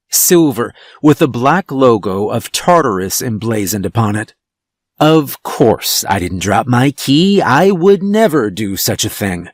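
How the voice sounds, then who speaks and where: A man narrating a first-person horror story in a slow, tense storytelling manner. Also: mid-range voice, no echo. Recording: dry studio voice-over with soft music.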